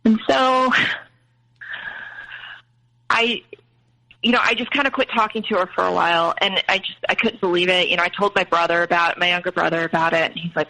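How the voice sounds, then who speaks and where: Candid woman with a gravelly edge. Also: on the low side, moderate pace, long pauses, bright, forceful tone, poor audio. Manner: candid, conversational retelling. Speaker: interview guest. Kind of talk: personal storytelling.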